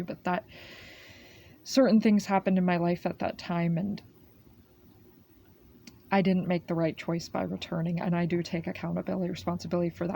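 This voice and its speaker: A woman's voice: fairly low pitch, dark tone. A woman giving an earnest spiritual oracle card reading. She speaks repetitively, often adding "okay" and calling the listener "beautiful soul.".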